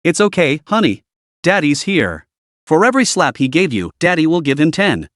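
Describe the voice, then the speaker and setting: A man's voice: on the high side, very animated, normal speed, fairly bright tone, dry recording, clean studio sound. A man voicing a furious, doting middle-aged businessman. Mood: blustering. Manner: blustering.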